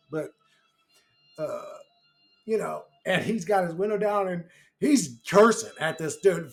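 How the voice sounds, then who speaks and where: A man's voice: high voice, animated, measured pace. A man telling a rambling personal story to camera in a brash, profane way. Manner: brash, heavy swearing, rambling. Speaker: YouTuber. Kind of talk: casual storytelling.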